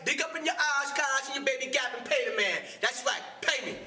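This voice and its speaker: Squeaky cocky tiny thief. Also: male voice, a little fast, pushed and bright, exaggerated voice. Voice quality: squeaky, high-pitched. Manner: cocky, streetwise swagger. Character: tiny brash male jewel thief posing as a baby. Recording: film clip, distant and roomy, music behind.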